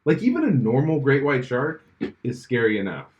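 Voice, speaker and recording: A man's voice: mid-range voice, big pitch swings, moderate pace, lo-fi sound. Rambling man chatting on a podcast. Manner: rambling, laughs often, many fillers and restarts. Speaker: podcast co-host. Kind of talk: casual chat.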